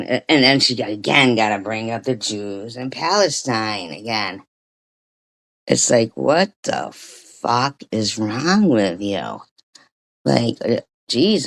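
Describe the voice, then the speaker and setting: A woman hosting a livestream, ranting casually and profanely with frequent restarts. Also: a bass voice. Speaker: livestream host.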